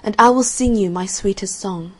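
A woman's voice: mid-range voice, normal speed, lightly acted, low-quality recording. A woman voicing an ardent, tender nightingale. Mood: pleading. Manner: earnest, raised and ardent. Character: tender, devoted female nightingale. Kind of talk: storybook reading.

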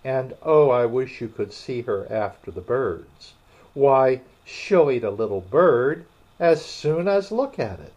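A woman's voice: low voice, very animated, slow pace, dark tone, voice pushed up, exaggerated voice. A man voicing Alice, a polite, curious young girl, eager and pleading in a storybook reading. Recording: dull lo-fi recording.

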